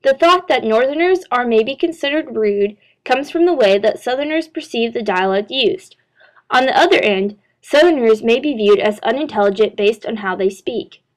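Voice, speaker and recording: A woman, a student narrator, reading a scripted narration in a steady, formal way. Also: a little high. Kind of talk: read-aloud scripted narration.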